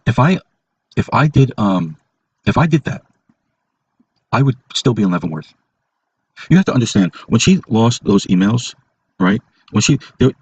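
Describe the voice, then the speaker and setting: A man with a lowish voice talks through a casual monologue in an emphatic, insistent way, circling back and repeating himself for stress. The recording is dull and lo-fi, with a faint hiss underneath. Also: a little mellow. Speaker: podcast host.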